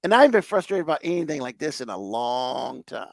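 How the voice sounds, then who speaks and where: A man's voice: mid-range voice, very animated, fairly quick, vocal fry, dry recording, studio quality. A man hosting a podcast, ranting in heated, profane exasperation. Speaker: podcast host.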